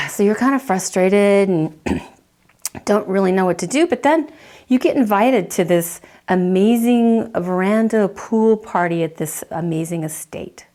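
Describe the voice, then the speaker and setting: A woman counselor teaching a lesson, telling a story vividly and acting out the reactions in quick asides. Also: mid-range voice, a little mellow.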